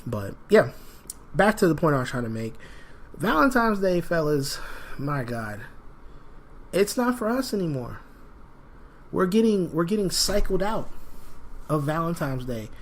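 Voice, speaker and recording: A man hosting a solo podcast in a rambling, animated way, sniffling from a cold. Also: on the high side, a little slow, pauses often. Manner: rambling and animated, frequent fillers. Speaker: podcast host. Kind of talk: casual solo podcast talk.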